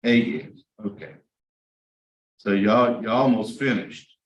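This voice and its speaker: A man's voice: medium pitch, fairly even intonation, slow pace, muffled recording. A man, a parole board member asking probing questions in a plain, filler-laden way. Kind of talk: interviewing at a hearing. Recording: roomy hearing room with faint noise.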